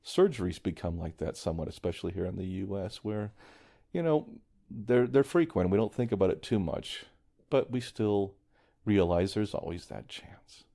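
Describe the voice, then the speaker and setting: Deep gravelly man. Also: expressive, normal speed. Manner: reflective, meandering, restarts often; quietly worried. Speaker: podcast host. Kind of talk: casual solo podcast monologue.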